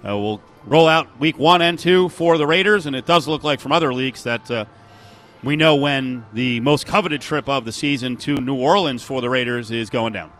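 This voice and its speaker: A man's voice: mid-range voice, moderate pace, fairly bright tone. A man hosting a sports talk radio show, chatting in a conversational, wry way.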